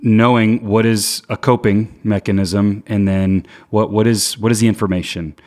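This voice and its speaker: A man in his thirties hosting a chat, asking reflective questions in a halting way with many fillers. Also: lowish voice, fairly even intonation, a little mellow. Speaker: host. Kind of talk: casual chat.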